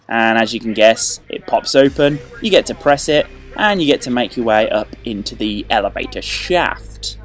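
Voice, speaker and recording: A man hosting a video game walkthrough, joking and playful, with sudden excited outbursts. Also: medium pitch, a little fast, slight background noise. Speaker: let's play host.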